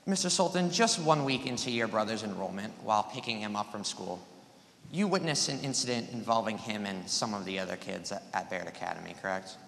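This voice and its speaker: A teenage boy's voice, on the low side and fairly quick, with vocal fry and a bit of brightness, drives a mock-trial cross-examination. He leans on leading questions and breaks in to insist on yes or no, recorded in a room with long, echoing reverb.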